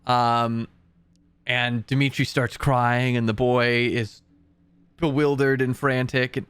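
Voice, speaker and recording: A young man runs a tabletop game, narrating in slow, unhurried, halting phrases. His voice is clear and smooth. It sounds close and dry, with no room sound. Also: mid-range voice, little pitch movement, a bit bright, dry recording. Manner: slow, hesitant narration with fillers. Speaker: game master.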